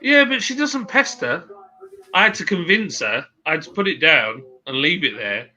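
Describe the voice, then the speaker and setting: A man's voice: on the high side, sing-song, normal speed, sharp tone. A man hosting a casual livestream chat, reading viewer comments aloud in a chatty way. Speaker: host. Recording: dull lo-fi stream audio.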